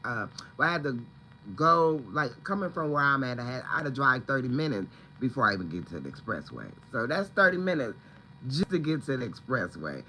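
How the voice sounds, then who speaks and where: A man's voice: medium pitch, sharp tone, slight background noise, low-quality recording. A man chatting casually on a home livestream, rambling and greeting viewers by name. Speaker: livestream host. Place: at home, indoors.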